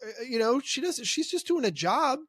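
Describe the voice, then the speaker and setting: A man's voice: very high-pitched, very animated, normal speed, fairly bright tone, slightly rough, dry recording, clean studio sound. A man co-hosting a horror film podcast, joking around and swearing freely in casual chat. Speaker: podcast co-host.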